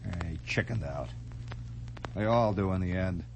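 A man's voice: sits low, expressive, a little slow, gravelly, a little hiss or hum. A man hosting a radio monologue, rambling theatrically and making sound effects with his voice. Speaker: radio host. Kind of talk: late-night radio monologue. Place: radio studio.

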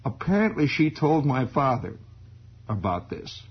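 A man telling a childhood story in a wry, animated way, often chuckling. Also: mid-range voice, measured pace, husky. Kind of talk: spoken storytelling monologue. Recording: dull lo-fi recording.

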